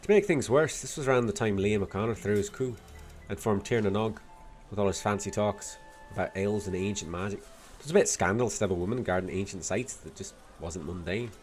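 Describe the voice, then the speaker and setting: A man voicing a tough, blunt Irish woman in a video game, with a put-on Dublin accent carrying a Scottish lilt and a rough, salty way of talking. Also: fairly low pitch, fairly quick, a little mellow, soft background music, natural voice. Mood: storytelling. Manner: gruff, salty, rough-spoken.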